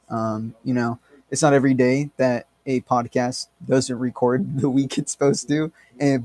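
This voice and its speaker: A man's voice: medium pitch, a little mellow, no echo. Rambling, crude-joking podcast man, dry sound. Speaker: podcast co-host. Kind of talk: casual chat.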